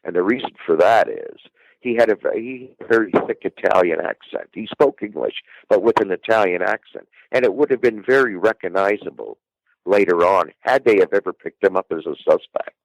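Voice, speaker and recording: Deep-voiced man retelling a crime case. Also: creaky, no echo, rough recording. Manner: halting, with many fillers and restarts. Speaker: guest storyteller.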